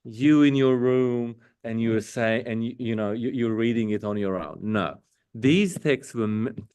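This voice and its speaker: A man with a non-native English accent leading a parish Bible study, reading scripture aloud, with many pauses, fillers and self-corrections. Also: mid-range voice, a little mellow, smooth. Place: parish meeting room.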